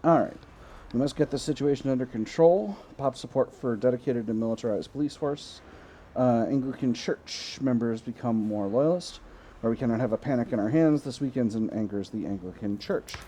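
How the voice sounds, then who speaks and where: A man hosting a let's play, thinking aloud in a relaxed way as he plays a strategy game. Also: mid-range voice, a little fast. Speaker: gaming channel host.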